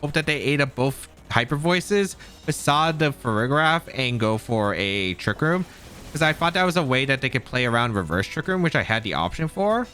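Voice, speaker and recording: A man narrates his competitive match as it happens, weighing each move aloud and doubting his choices. His voice is bright and lively, swinging up and down in pitch. Faint music plays underneath. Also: normal speed. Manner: thinks aloud, second-guessing plays. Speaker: competitive game player. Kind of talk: live gameplay commentary.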